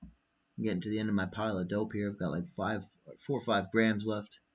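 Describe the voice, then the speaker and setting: Low, husky man ranting profanely. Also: flat delivery, brisk, lo-fi sound. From Canada. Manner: profane, angry, rambling. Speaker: podcast host. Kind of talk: late-night ranting monologue. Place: small apartment.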